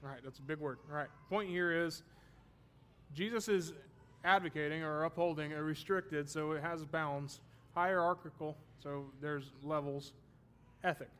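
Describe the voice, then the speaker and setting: A man's voice: a little high, fairly even intonation, normal speed, a bit bright, clean tone. A man teaching a Bible study class, explaining terms and checking that his students follow, with the odd self-deprecating joke.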